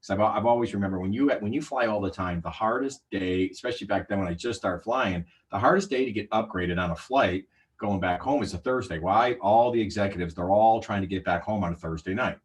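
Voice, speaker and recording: A middle-aged man with a fairly low voice tells a sales story on a livestream. He is lively and animated and slips into the voices of the people in his story as he goes. He talks like a seasoned sales trainer. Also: brisk. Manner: animated, acts out quoted voices.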